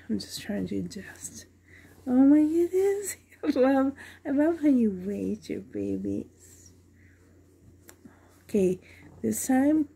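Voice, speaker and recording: A woman's voice: mid-range voice, creaky, mellow, husky. A woman at home unboxing a doll for her vlog, gushing with delight and often dropping to a whisper. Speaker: reborn doll collector unboxing a doll.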